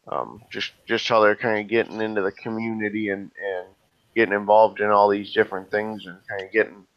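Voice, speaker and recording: Man, game master, tabletop game narration, hesitant and rambling, low voice, dry muffled sound. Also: level tone, no echo. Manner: halting, full of fillers and restarts.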